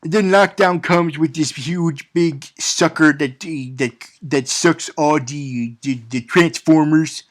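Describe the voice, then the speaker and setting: A man with a somewhat high voice rambles through a sarcastic, spoiler-heavy movie recap. He stumbles and restarts often and talks in a casual, offhand way. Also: slow pace, few pauses. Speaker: movie reviewer.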